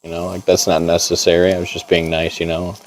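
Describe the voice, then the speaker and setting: A man's voice: low voice, completely flat delivery, brisk, a little hiss or hum, low-quality recording. A young man casually telling a long story in a barbershop, laid-back and full of "like". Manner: rambling, laid-back, heavy on "like".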